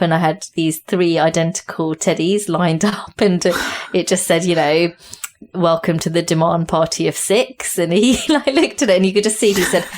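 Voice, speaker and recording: A woman with a British accent, a podcast guest telling a personal story in animated conversation, with quick restarts and frequent laughter. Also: lowish voice.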